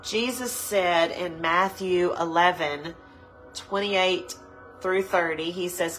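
A woman pastor giving a live devotional sermon, earnest and pleading, repeating her phrases and slowing down to linger on words, teary-eyed. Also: on the low side, a bit bright, soft background music, rough recording.

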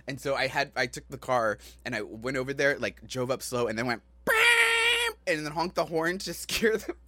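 A man's voice: medium pitch, brisk, a bit bright, no echo. A man co-hosting a podcast, telling stories in a rambling, laughing way with lots of fillers. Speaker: podcast co-host. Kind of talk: casual chat, storytelling.

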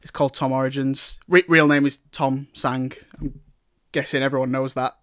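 A man's voice: mid-range voice, little pitch movement, moderate pace, fairly bright tone, no echo, studio quality. A young man hosting a podcast in a bubbly, giggly way, often restarting his sentences. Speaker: podcast host.

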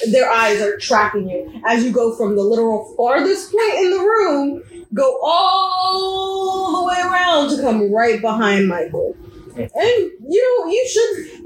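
A woman running a tabletop game as game master, narrating to a player in lively second person. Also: on the high side. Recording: roomy echoey room.

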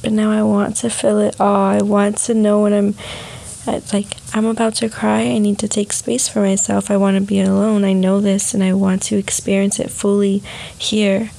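Gravelly, dark-voiced woman sharing feelings. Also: medium pitch, little pitch movement, normal speed, poor audio. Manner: soft, heartfelt and repetitive. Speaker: vlogger. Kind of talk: emotional personal reflection.

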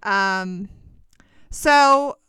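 A woman's voice: mid-range voice, very slow, bright, forceful tone, smooth, no room sound, clean studio sound. A young woman hosting a podcast, giving blunt, snarky, dramatic commentary on reality TV gossip. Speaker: podcast host.

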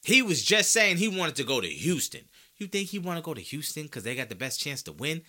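In a sing-song, fairly quick delivery, a male sports podcast host rants with slang and bold, self-assured opinions. His voice is very bright and sharp, and it swings widely in pitch as he throws out rhetorical questions.

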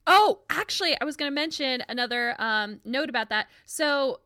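A woman co-hosting a casual movie chat, laughing often and telling lively stories. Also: sits high, normal speed. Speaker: podcast co-host.

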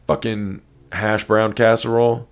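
A man's voice: fairly low pitch, flat delivery, unhurried, gravelly. A man hosting a podcast, talking casually in a loose, rambling way with lots of swearing. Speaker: podcast host. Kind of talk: casual chat.

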